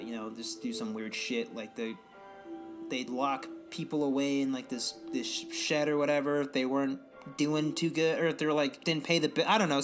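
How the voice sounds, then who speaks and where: A young man co-hosting a casual podcast, rambling and swearing through exasperated rants. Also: medium pitch. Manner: rambling, profane, exasperated ranting. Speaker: podcast co-host.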